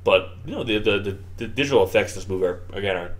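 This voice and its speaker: An American man co-hosting a casual movie commentary, rambling and animated, swearing freely as he talks. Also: on the low side, very fast. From United States. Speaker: podcast co-host.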